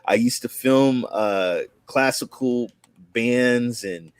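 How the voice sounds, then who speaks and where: A man's voice: medium pitch, slow pace, clear, resonant tone, no echo. A man in his forties, from Oakland, telling his life story in a rambling, casual way with many restarts and acted-out quotes. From Oakland, California. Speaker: guest, content creator.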